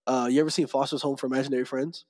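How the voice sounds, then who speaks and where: A man telling stories as a podcast guest, animated, often breaking into laughter. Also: mid-range voice, very fast. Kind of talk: casual chat.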